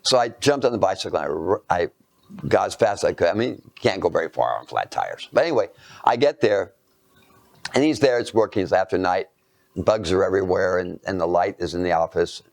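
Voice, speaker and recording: Gravelly low-voiced man telling a story. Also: animated, dry recording. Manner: halting, self-mocking storyteller with hushed asides. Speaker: lecturer. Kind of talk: anecdotal storytelling lecture.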